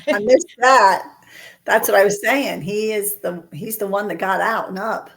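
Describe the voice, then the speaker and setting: A woman's voice: medium pitch, normal speed, vocal fry, a bit bright. A woman co-hosting a faith podcast, talking earnestly and acting out quoted voices in casual discussion. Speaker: podcast co-host.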